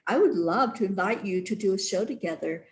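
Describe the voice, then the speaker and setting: A woman's voice: mid-range voice, animated, fairly quick, a little mellow. Affirming woman hosting a talk show. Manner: affirming, frequent agreeing murmurs. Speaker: show host. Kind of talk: conversational interview.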